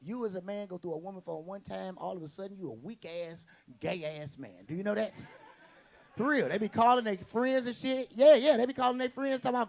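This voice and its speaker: Brash profane stand-up man with a gravelly voice. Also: sits high. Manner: brash, profane, quick punchy delivery with acted-out quotes. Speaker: stand-up comedian. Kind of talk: stand-up comedy set. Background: audience laughter.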